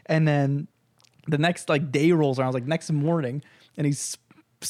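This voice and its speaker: A man on a casual podcast, spinning a wild personal story with loose, crude energy and frequent laughter. His voice sits a little higher than most men's, and the sound is close and dry. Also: moderate pace, long pauses, no echo. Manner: animated, laughs often, crude. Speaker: podcast co-host.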